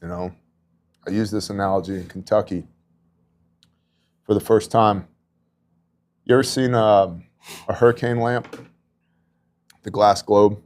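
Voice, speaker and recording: A middle-aged man speaks at a fairly low pitch with a darkish tone. He hosts a podcast, volunteers in disaster relief, and in casual faith talk tells earnest, conversational relief-work stories sprinkled with asides.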